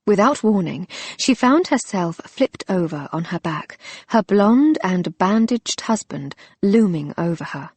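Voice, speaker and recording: A woman reads a romance audiobook in a low, husky voice. Her narration is soft, intimate and measured, recorded dry and close with no room at all. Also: expressive, no room sound. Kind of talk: scripted narration.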